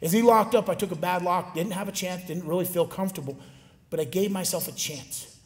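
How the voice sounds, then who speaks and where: A man giving a storytelling speech to a live audience, animated and acting out the voices of people he quotes. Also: high-pitched, a little fast. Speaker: motivational speaker. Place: large gymnasium. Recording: long hall reverb.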